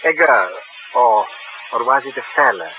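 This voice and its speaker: An actor playing a sly, evasive curio dealer in a 1950s radio drama, folksy and overly familiar. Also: male voice, medium pitch, lively intonation, normal speed, over music, natural voice. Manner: folksy, evasive, calls people kiddo. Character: sly middle-aged male curio dealer, evasive and chummy. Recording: tinny old radio broadcast with faint hiss.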